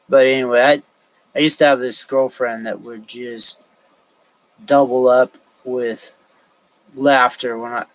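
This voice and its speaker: A man talking alone on a livestream, thinking aloud in a halting way with frequent restarts and fillers. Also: medium pitch, poor audio. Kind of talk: rambling solo livestream talk.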